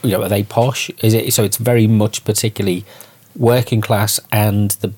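Low-voiced man asking probing questions. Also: little pitch movement, moderate pace, darkish tone. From Liverpool. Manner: thoughtful, probing questions with hesitations. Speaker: interviewer. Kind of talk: conversational interview.

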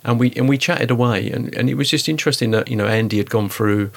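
A man's voice: mid-range voice, fast talker, creaky. A middle-aged man from the East End of London, a guest telling stories in a chatty, rambling way. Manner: rambling, chatty, lots of asides. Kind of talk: casual conversational storytelling.

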